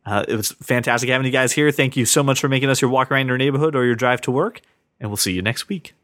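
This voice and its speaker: A man hosting a casual podcast, rambling and repeating words when he gets excited. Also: medium pitch, fast talker. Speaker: podcast host.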